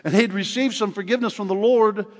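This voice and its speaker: An older man preaching a sermon in a church, telling stories with animated humor. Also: high-pitched, quick pace. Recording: long hall reverb.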